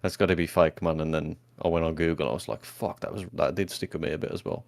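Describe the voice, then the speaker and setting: A man's voice: a bass voice, fairly even intonation, fast talker, vocal fry, a little mellow, dry recording. A young man, co-hosting a casual podcast chat in a laid-back, sweary way. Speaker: podcast co-host.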